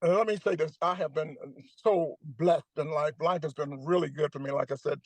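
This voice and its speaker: An older man talks on a video call, joking and emphatic, with a preacher-like rhythm. His voice sits high for a man, and the sound is close and dry. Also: a little fast, no room sound, poor audio. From Atlanta, United States. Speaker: comedian guest. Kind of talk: animated comedic chat.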